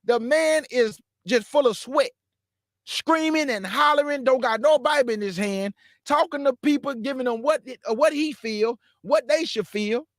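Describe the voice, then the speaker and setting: Brief: man, very high voice, fiery mocking preacher, dry close sound. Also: moderate pace, dry recording. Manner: blunt, mocking, scolding the listener directly; bursts into shouts. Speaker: preacher and show host. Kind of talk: fiery street-style preaching rant.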